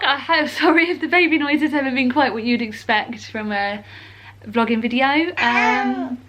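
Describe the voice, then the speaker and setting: Chatty, higher-voiced British mum. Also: female voice, fairly even intonation, normal speed, sharp tone, slight background noise. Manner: rambling and heartfelt, with many ums and likes. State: a little emotional and teary. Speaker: mother vlogger telling her birth story. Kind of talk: casual chatty vlog.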